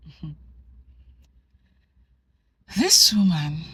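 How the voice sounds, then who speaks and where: A woman from Nigeria telling a personal story to camera in an animated, conversational way, full of asides. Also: fairly low pitch, moderate pace, husky, no room sound. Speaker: vlogger. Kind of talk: storytelling vlog.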